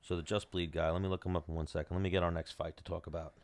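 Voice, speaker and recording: Low-voiced man rambling through a fight recap. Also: little pitch movement, racing. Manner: rambling, loose, with lots of fillers. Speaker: podcast host. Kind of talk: casual chat, fight recap.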